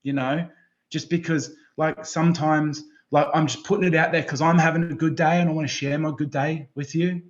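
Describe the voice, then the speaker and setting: A man, a podcast guest in casual chat, who swears constantly and rambles excitedly from one thought to the next. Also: a little high, brisk. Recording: slightly dull lo-fi sound.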